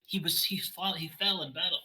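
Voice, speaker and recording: A stammering, grief-struck woman cries out in a raised, bright voice, as a man puts her on for a tabletop game. She breaks off mid-sentence and pleads. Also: high-pitched, a little fast, voice pushed up. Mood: grieving, pleading. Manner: sobbing, stammering. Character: distraught young woman, crying and pleading.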